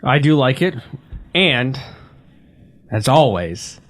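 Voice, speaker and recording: A man with a middle-pitched voice co-hosts a casual sports podcast. He jokes around and swears in easy, profane banter. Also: sing-song, takes it slowly, fairly bright tone. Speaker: podcast co-host.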